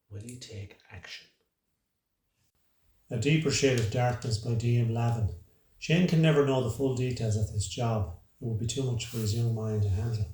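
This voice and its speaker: A man narrating a dark first-person story in a measured, brooding, dramatic way. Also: medium pitch. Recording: roomy, distant from the mic.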